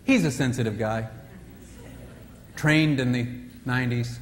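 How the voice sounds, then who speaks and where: A man giving a humorous marriage seminar talk at a retreat, telling stories in an animated way and acting out the characters. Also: mid-range voice, measured pace, a little hiss or hum. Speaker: retreat speaker. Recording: reverberant hall.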